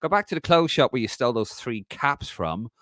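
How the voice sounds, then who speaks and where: A man's voice: mid-range voice, animated, brisk, a bit bright, dry recording, studio quality, pitched above the performer's own voice, close to an everyday voice. A man putting on a thick Dublin accent as himself, giving directions in a mock-helpful, cheeky way.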